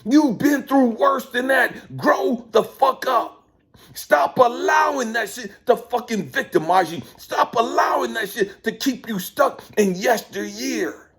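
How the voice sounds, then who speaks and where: A man's voice: extremely high pitch, a little slow, few pauses, fairly bright tone, slightly rough. A middle-aged man hosting his channel, delivering a profane, preachy monologue with heavy emphasis. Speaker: channel host. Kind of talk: ranting monologue.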